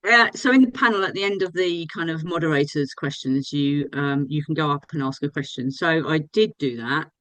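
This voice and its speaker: A woman's voice: low-pitched, a little fast, a bit bright, no room sound, poor audio. A woman fan being interviewed, chatting enthusiastically about meeting an actress. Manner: enthusiastic, gushing. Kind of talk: casual interview chat.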